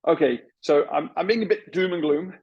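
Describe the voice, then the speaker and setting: A man's voice: fairly high pitch, brisk, creaky, husky, muffled recording. A man presenting a business session in an online webinar, talking casually and asking the audience rhetorical questions with many fillers. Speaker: veterinary business speaker.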